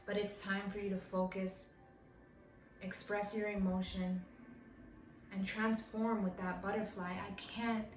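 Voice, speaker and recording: A woman's voice: mid-range voice, a little hiss or hum. Emotional woman giving a spiritual reading. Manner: emotional, heartfelt. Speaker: tarot reader. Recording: roomy, distant mic with faint ambience.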